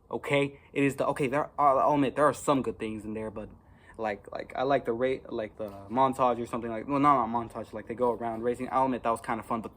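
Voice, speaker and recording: A teenage boy ranting to camera as an amateur movie reviewer, rambling with many fillers and restarts and swinging into loud frustrated outbursts. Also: mid-range voice, fairly even intonation, brisk. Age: teens. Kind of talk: casual rant to camera.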